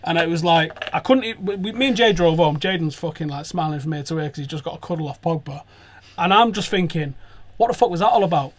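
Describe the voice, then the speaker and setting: A man hosting a football podcast, telling sweary, animated stories in casual chat from a sofa. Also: fairly high pitch, fast. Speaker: podcast host. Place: sofa indoors.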